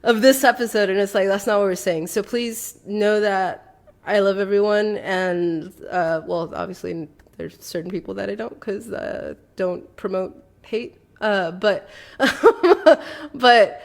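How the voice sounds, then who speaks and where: A woman's voice: mid-range voice, unhurried, vocal fry. A woman co-hosting a podcast in casual chat, rambling with many fillers and casual swearing. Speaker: podcast co-host.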